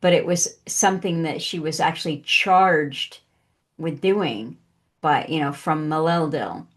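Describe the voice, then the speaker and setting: A woman's voice: sits low, unhurried. A woman co-hosting a casual book discussion, thinking aloud with restarts and trailing phrases. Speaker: podcast co-host.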